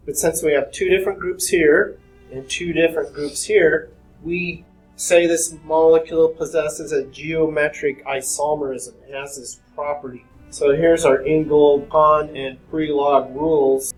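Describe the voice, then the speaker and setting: A man's voice: fairly high pitch, poor audio. A man delivering a chemistry lecture in a classroom. He speaks in a casual, conversational way and often turns to ask his students questions. Faint music plays underneath.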